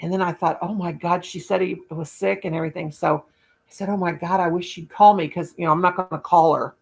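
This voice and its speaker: A woman with a lowish voice and a gravelly, creaky edge talks through a long personal anecdote. She rambles in a folksy, chatty way and keeps circling back to her point. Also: fairly even intonation, a little fast, darkish tone, low-quality recording. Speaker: crochet channel host. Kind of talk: casual storytelling chat.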